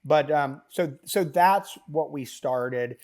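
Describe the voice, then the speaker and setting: Slow-paced and a little high in pitch, this middle-aged man founded a business and now appears as a podcast guest. His casual interview storytelling wanders, lively and packed with fillers and side remarks.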